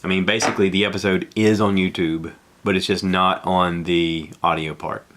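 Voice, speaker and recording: A man's voice: deep voice, steady tone, normal speed, background noise. A middle-aged man hosting a podcast, telling a casual, rambling and self-deprecating story from his back porch, acting out what people said. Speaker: podcast host.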